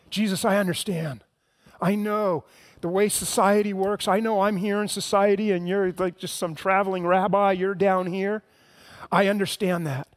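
A pastor preaches in a high, light voice, talking earnestly to his congregation. He drops to hushed tones in the tender parts and rises to impassioned pleading at the peaks. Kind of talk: sermon.

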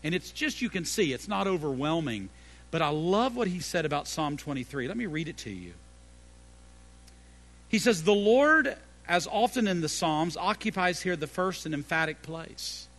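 Dramatic, gravelly-voiced man preaching. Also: animated, moderate pace. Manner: dramatic swings between loud emphatic peaks and hushed low phrases; repeats phrases for emphasis. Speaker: pastor. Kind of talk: sermon.

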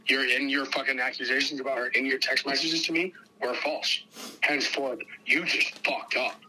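A young man in a heated, profane casual rant, agitated and swinging between loud outbursts and hushed mutters. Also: medium pitch, steady tone, normal speed, background noise.

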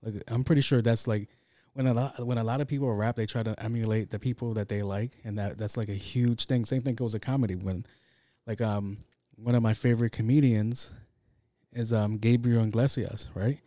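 A man's voice: on the low side, fairly even intonation, brisk, dark tone, no room sound. Rambling, profane podcast host man. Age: adult with kids. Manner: rambling, profane, heavy with fillers. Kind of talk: casual solo podcast chat.

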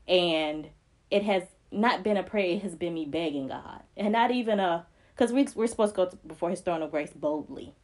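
In a fairly low, darkish voice at normal speed, a woman co-hosts a faith podcast. She speaks earnestly and with emphasis, repeating phrases that build the way preaching does.

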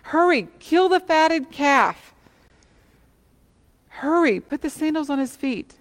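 A woman's voice: a little high, moderate pace, long reverb tail. A woman voicing a joyful, eager father welcoming his lost son home, calling out urgently and pleading. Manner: urgent, pleading, excited calls.

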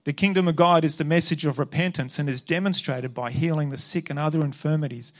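Male pastor, slightly raised pitch, emphatic sermon delivery with Scripture readings. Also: fast talker.

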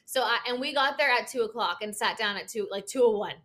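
Young woman, high bright voice, rambling. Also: fast talker. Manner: animated storytelling, lots of "like" fillers and swearing. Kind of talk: casual chat.

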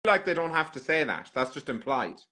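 A man's voice: medium pitch, big pitch swings, fairly quick, pushed and bright. An Irish man chatting as a guest on a live podcast, with dry, joking understatement. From Ireland. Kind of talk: casual chat on a live stream.

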